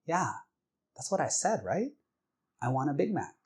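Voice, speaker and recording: Guy doing a cranky hungry husband, blunt and loud, voice pushed up. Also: on the high side, sing-song, normal speed, voice pushed up. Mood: puzzled. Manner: blunt and loud, rising when angry. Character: hungry, short-tempered husband, quick to snap.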